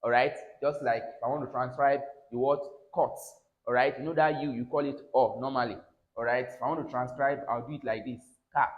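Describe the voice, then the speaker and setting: A man's voice: medium pitch, fairly even intonation, a little fast, phone-quality sound. Man teaching pronunciation in a roomy echo. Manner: drills words aloud, tags lines with "all right?". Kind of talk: classroom phonics lesson.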